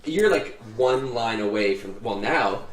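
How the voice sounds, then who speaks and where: A man's voice: medium pitch, animated, a little slow. A man runs a tabletop game, talking loosely and breaking into laughs. His mid-range voice rings in an echoey room. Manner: loose, rambling, laughs often. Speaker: dungeon master.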